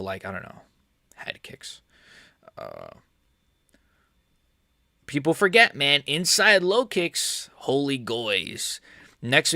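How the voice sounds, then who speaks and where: A man's voice: mid-range voice, pushed and bright, no echo. A male streamer rambles loosely about fights, cracking crude jokes and trailing off mid-thought. His voice sits in a middle range. The sound is dry and close. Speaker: MMA streamer. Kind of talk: casual livestream chat.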